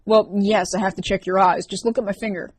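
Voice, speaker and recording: Woman voicing a brisk older school nurse. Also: medium pitch, fairly even intonation, close to an everyday voice, poor audio. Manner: brisk, patient. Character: stout older school nurse, matter-of-fact.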